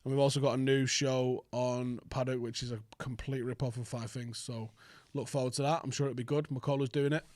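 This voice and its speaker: A man's voice: medium pitch, little pitch movement, brisk, darkish tone, no echo. A young man hosting a football fan vlog, ranting in an angry, sweary, emphatic way. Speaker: football fan channel host.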